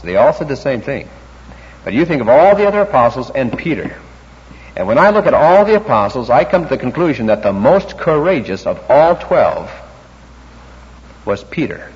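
A man preaching a sermon, reading scripture in King James wording and swinging between loud emphasis and quiet intensity. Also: fairly high pitch. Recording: dull lo-fi recording, long hall reverb.

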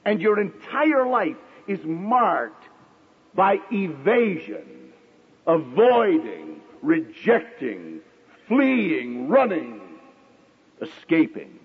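A middle-aged man preaching a sermon with dramatic pauses, now and then acting out the voices of the people in his stories. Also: fairly high pitch, huge pitch swings, husky, big-room sound, narrow, tinny audio.

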